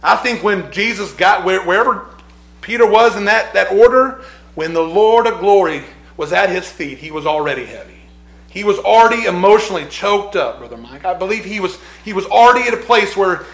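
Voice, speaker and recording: A man's voice: sits high, expressive, normal speed, fairly bright tone, reverberant. A man preaching a sermon, reflective and repeating his phrases, rising with emphasis on key points.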